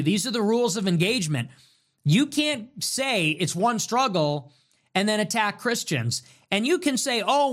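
Agitated, high-pitched male commentary host. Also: fairly bright tone. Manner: agitated, profane, mocking. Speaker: show host. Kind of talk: heated political commentary rant.

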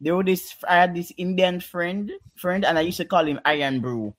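Eager chatty guy in a group talk, voice a bit on the high side. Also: moderate pace, a bit bright. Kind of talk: casual chat.

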